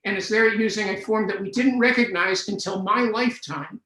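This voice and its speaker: A man's voice: high-pitched, steady tone, normal speed, bright, forceful tone. An older man lecturing on scripture in an explanatory way, slipping in dry jokes. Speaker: Bible scholar lecturer. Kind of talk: online lecture. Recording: roomy echo.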